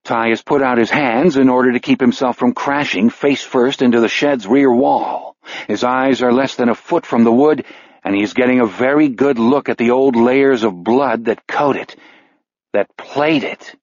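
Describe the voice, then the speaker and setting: Measured man reading a dark audiobook. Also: medium pitch, no room sound, muffled recording. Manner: measured, slows on grim details. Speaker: narrator. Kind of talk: audiobook narration.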